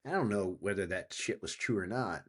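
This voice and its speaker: His husky voice sits low and moves at normal speed. In a casual interview, this fiftysomething guest author from Pennsylvania tells a story as an animated storyteller, acting out quotes and cursing often.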